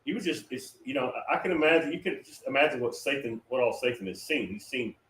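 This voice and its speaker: Recounting a dream he believes was prophetic, this male guest rambles conversationally, often restarting and using fillers. He speaks quickly in a medium pitch, with a slightly bright tone and lively intonation. The audio has a roomy feel, a distant microphone, and a little background noise.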